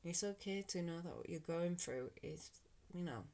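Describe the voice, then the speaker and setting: A woman's voice: on the low side, moderate pace, warm tone. A British woman hosting her own podcast, talking through her thoughts in an earnest, rambling, motivational way that sometimes sinks to a whisper. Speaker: podcast host. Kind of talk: reflective solo podcast monologue.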